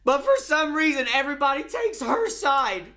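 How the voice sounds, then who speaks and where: A man's voice: very high-pitched, sing-song, normal speed, pushed and bright. A man in his twenties, tearful and upset, swearing as he pours out his hurt as a reality show contestant. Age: 20s. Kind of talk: emotional confession.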